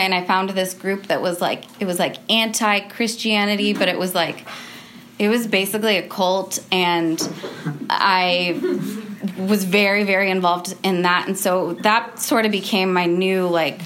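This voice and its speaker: A woman's voice: medium pitch, a bit bright. A young woman tells her own story in a loose, casual way. Her talk is rambling and packed with "like" fillers, with laughs slipping in between phrases. A faint hiss of background noise sits under the voice.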